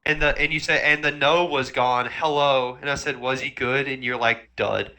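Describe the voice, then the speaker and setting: A young man co-hosting a podcast, chatting casually and reading out garbled old texts in slow, deliberate voices. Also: medium pitch, fairly even intonation, bright, forceful tone. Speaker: podcast co-host. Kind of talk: casual chat.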